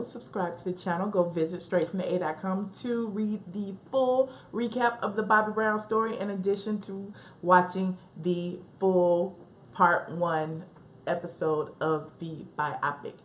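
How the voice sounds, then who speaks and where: Speaking at a medium pitch and moderate pace, this Southern US woman runs a casual live stream from her home office. Frequent laughter punctuates her chatter as she talks back to the people in her chat.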